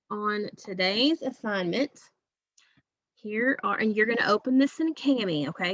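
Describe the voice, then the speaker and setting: A woman's voice: mid-range voice, a bit bright, no echo. Patient woman teacher with a dull sound. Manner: patient, repeats okay to check understanding. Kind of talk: recorded remote class lesson.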